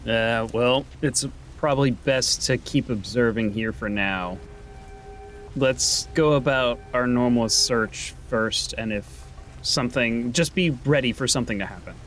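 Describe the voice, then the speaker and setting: A tabletop game player talking through plans in a cautious, measured way. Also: medium pitch, fairly bright tone, faint music behind. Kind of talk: tabletop role-play.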